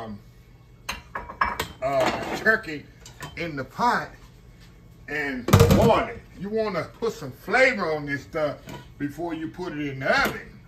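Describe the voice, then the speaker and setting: A man's voice: a little high, noisy background. Folksy man cooking at home. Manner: chatty, folksy, addresses viewers as y'all. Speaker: home cooking channel host. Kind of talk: casual cooking demonstration. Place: home kitchen.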